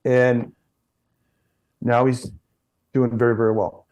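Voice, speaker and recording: A man's voice: medium pitch, little pitch movement, takes it slowly, darkish tone, highs cut off. A middle-aged man, a chiropractor, talking in an interview and telling anecdotes, often repeating words and restarting sentences. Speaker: chiropractor guest. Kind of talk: interview conversation.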